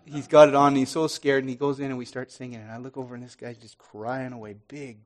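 A man giving an earnest sermon testimony, restarting often and swinging from loud to soft. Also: medium pitch, little pitch movement, fast talker.

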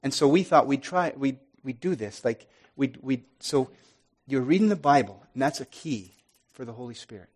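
A man giving an earnest sermon testimony, restarting often and swinging from loud to soft. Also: mid-range voice, expressive, moderate pace, hardly any pauses.

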